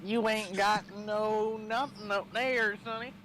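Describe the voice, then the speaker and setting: A man voices a gruff adventurer with a slow Southern US drawl and a folksy way of talking. His voice sits a little high, and the recording carries a faint hiss. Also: steady tone, fairly bright tone, low-quality recording. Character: gruff Southern adventurer with an alien egg pod.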